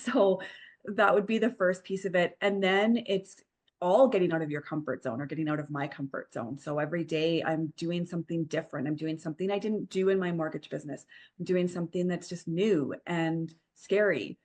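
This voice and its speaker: Guest: forties woman, slightly low voice, earnest and reflective, podcast interview. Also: fairly even intonation, fairly quick, a little mellow. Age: 40s. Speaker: divorce coach guest.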